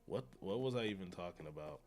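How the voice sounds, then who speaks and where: A man chatting casually on his gaming livestream, rambling and slangy and often excitable, with frequent laughter. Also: sits low, fast talker.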